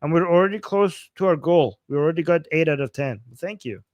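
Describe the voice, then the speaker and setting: A man's voice: on the high side, fairly quick, dry recording, dull audio. A man hosting a political livestream, ranting with emphatic repetition and swearing, reading out viewer super chats. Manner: ranting, emphatic, profane, repeats phrases for force. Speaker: livestream host. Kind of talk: heated political livestream talk.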